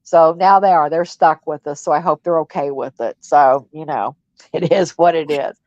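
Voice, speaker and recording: A woman's voice: sits low, moderate pace, darkish tone, no echo. A woman from Missouri co-hosting a livestream, talking in a chatty, rambling and frank way. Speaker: livestream co-host. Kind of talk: casual chat. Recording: dull lo-fi dry sound.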